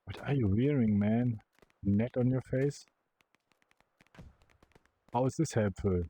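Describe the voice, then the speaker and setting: A young man giving live commentary while playing a game, excitable and swearing as he yells at the bots. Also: mid-range voice, slow, a little hiss or hum, rough recording. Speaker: VR gameplay creator.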